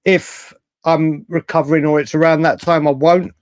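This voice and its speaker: Casual male livestream host, slightly higher voice, rambling delivery, reads out and answers chat comments. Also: flat delivery, normal speed, no room sound. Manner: rambling, with frequent restarts and fillers. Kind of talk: casual live chat reading viewer comments.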